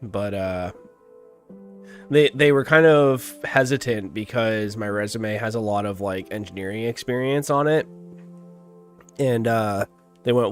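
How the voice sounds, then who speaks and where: A man's voice: fairly low pitch, a little slow, pauses often, faint music behind. A young man with a stuffy nose, chatting casually as a gaming livestream host. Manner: relaxed and rambling, chuckles often.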